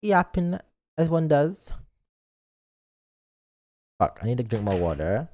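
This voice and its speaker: A man's voice: medium pitch, sing-song, takes it slowly, dark tone, slight background noise. A man streaming and chatting casually in a playful, rambling way, reading chat messages aloud. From lives in Britain, not British.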